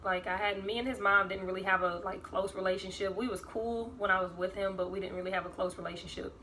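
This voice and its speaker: A woman's voice: medium pitch, steady tone, quick pace, sharp tone, slight background noise. A young woman, rambling through a casual storytime vlog and full of fillers. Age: 20s. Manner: rambling, filler-heavy, acts out quoted voices. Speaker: vlogger.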